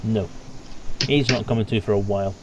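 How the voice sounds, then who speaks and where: A man narrating and refereeing as game master, in a relaxed way with hesitant fillers. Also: lowish voice, fairly quick.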